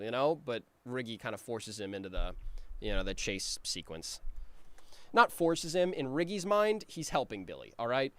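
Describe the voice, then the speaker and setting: Rambling with lots of ums and restarts, a man offers laid-back creator commentary on his own cartoon, sometimes voicing his characters' lines in quick impressions. His medium-pitched voice is animated, clear and resonant, and the recording is dry.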